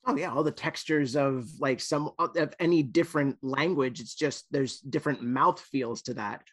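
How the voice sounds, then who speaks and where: A man's voice: mid-range voice, normal speed. Jokey podcast co-host man. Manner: jokey, quips and bits. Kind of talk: casual interview chat.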